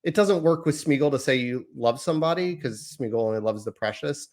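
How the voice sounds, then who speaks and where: A man's voice: mid-range voice, lively intonation, a little fast, a little mellow. A man in his thirties hosting a casual podcast, talking in a chatty, rambling, self-deprecating way. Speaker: podcast host.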